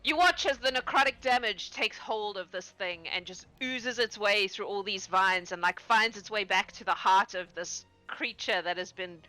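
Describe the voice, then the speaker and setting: A woman narrates a tabletop game as its dungeon master, lively and quick to laugh. Her voice is bright and pointed. Faint music plays underneath. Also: mid-range voice.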